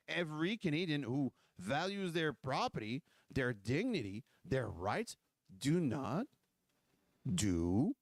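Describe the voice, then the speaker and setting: A man's voice: mid-range voice, no echo, studio quality. Fiery man. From Quebec. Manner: fiery, repetitive, full of rhetorical questions. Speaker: political livestream host. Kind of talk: impassioned political rant.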